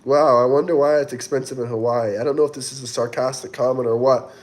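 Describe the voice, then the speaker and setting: A man's voice: medium pitch, fairly even intonation, fast. A man hosting a casual livestream, chatting loosely and reading viewer comments aloud in a rambling way. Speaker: livestream host reading chat.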